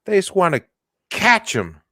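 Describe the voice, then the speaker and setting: A man's voice: high voice, huge pitch swings, measured pace, pushed and bright, dry recording. A man co-hosting a comedy podcast in loose, joking chat. He teases his co-hosts as he goes. His voice sounds dry and close. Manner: joking, teasing. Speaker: podcast co-host.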